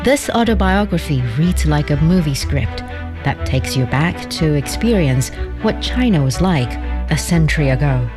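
Deep-voiced woman introducing over music. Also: expressive, normal speed. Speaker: audiobook introducer. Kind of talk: scripted narration. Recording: spoken over clear music.

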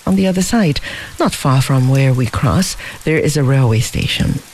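A reader voicing a young gentleman on the run who talks in a formal, wordy way. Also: mid-range voice, animated, moderate pace, slight background noise, pitched below the performer's own voice, close to an everyday voice, rough recording. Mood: resolute. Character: young gentleman fugitive, proud and kindly.

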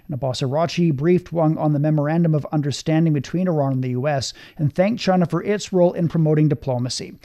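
A male news anchor reading the headlines in a steady, measured way. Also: fairly high pitch.

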